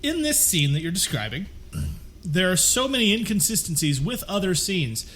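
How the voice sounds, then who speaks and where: A man riffing in a casual podcast chat, his voice sitting high and swooping all over as he rants. He keeps breaking into mock voices to mimic the people he is complaining about. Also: moderate pace, a little hiss or hum. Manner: animated ranting, acts out characters in funny voices. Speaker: podcast co-host. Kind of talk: casual movie-review chat.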